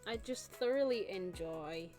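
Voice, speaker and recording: A woman's voice: medium pitch, expressive, unhurried, a little mellow. A woman chatting casually on a live stream, gushing and laughing often. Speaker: vtuber streamer. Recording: faint background music.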